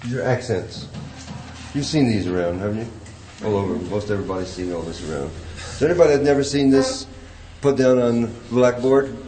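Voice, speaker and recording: A man's voice: mid-range voice, expressive, a little fast, mellow. A man teaching poetry in a classroom lecture, chanting rhythms in nonsense syllables and chuckling often. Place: classroom with a blackboard. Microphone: distant room recording. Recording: echoey classroom, distant mic, noisy tape.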